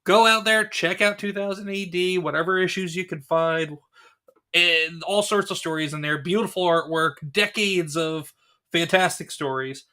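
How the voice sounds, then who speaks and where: Bright high-voiced host. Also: male voice, normal speed. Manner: upbeat, talkative, laughing. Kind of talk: casual chat.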